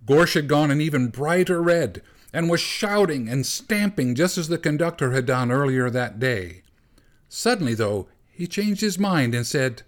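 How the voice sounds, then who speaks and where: A man reading a storybook aloud as narrator, in a calm, measured way. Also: fairly high pitch.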